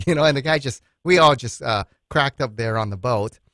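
A man's voice: medium pitch, moderate pace, bright, forceful tone, dry recording. Male radio host, earnest and conversational, dry close mic, mid-range voice. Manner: earnest, tells anecdotes with laughter. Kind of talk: radio interview.

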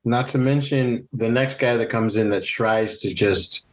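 A man's voice: mid-range voice, fairly even intonation, a little slow, poor audio. Man co-hosting, chiming in to agree. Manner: agreeing backchannels, finishes the host's sentences. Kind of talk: casual podcast talk.

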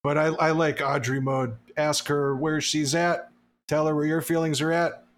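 Guy hosting a podcast, kinda high voice, loose jokey chat, swears a lot. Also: steady tone, normal speed, a little hiss or hum. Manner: laughing, swearing, loose and joking. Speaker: podcast host. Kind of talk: casual chat.

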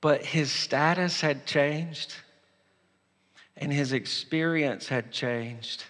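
A man preaching a sermon, moving between impassioned exhortation and quieter personal storytelling. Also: a little high, slow pace, big-room sound. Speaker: pastor.

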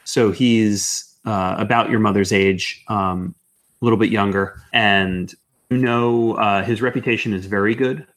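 A man's voice: fairly low pitch, fairly even intonation, measured pace, fairly bright tone. A man narrating as game master of a tabletop game, hesitant, with many fillers.

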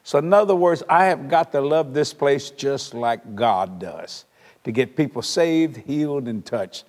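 A male preacher giving an animated, playful sermon, swinging between loud emphasis and hushed asides. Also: mid-range voice, normal speed. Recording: long reverb of a large hall.

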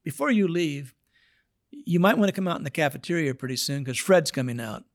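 A man preaching through a story, voicing each person he quotes. His voice sits a bit high, and the sound is dry and close, with no room around it. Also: fairly quick, no room sound. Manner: animated storytelling, acting out the people he quotes. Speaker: pastor. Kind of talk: storytelling sermon.

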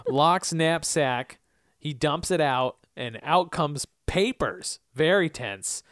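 A man's voice: a little high, takes it slowly, no echo, clean studio sound. A man co-hosting a podcast, recapping a TV episode in jokey, punning chat. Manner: jokey, punning, animated storytelling. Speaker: podcast co-host.

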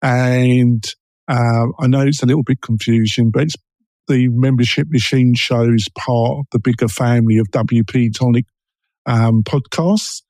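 A podcast host with an East London and Essex accent talks in a casual, rambling way, peppering his speech with ums and restarts. His voice is mellow and warm, and the recording sounds close and dry. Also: medium pitch, fairly even intonation, a little slow, no echo. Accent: East London and Essex English. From England. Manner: chatty, many ums and self-interruptions.

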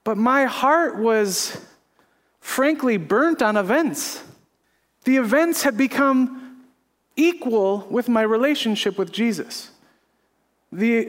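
A middle-aged male pastor preaching a confessional sermon, earnest and emphatic, laughing at himself now and then, on a stage microphone in a church sanctuary. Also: high voice. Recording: echoey hall reverb.

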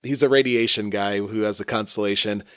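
A man's voice: fairly low pitch, steady tone, a little fast, a bit bright, dry recording, clean studio sound. A man in casual chat, joking crudely and laughing while he recaps a comic. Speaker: comic review podcast co-host.

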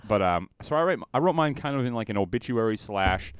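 Rambling podcast host, lively pitch. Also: male voice, fast, clean tone, no room sound. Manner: rambling, full of fillers. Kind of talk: casual comedic podcast banter.

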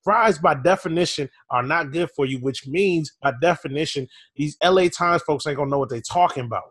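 A man's voice: a little high, a little fast, breathy edge. A man co-hosting a podcast, ranting with mock fury in casual chat. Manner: animated, mock-furious ranting. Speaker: podcast co-host.

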